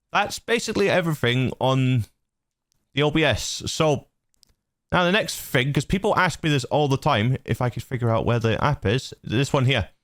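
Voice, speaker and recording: A man's voice: medium pitch, dry recording. A man hosting his channel, explaining his recording setup in a loose, rambling way on a dynamic studio mic. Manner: loose and rambling, lots of fillers and restarts. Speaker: channel host. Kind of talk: casual tutorial walkthrough. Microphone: dynamic studio mic through a mixer.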